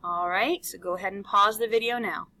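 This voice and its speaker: A woman's voice: medium pitch, a little fast, bright, forceful tone, poor audio. A woman teacher recording chatty, teasing instructions for her class while a substitute runs the room. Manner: chatty and teasing, with many fillers.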